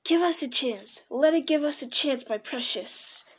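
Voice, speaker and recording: A woman's voice: high-pitched, unhurried, voice pushed up. A woman reading aloud and voicing a sneaky, lonely cave creature who hisses his words. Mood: pleading. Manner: hissing, sibilant, wheedling. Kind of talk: storybook read-aloud.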